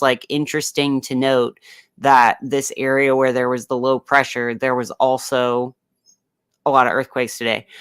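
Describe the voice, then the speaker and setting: A man's voice: mid-range voice, pushed and bright, clean tone, no echo. A man hosting a comedic weather livestream, talking casually and playfully in a rambling way, with many fillers.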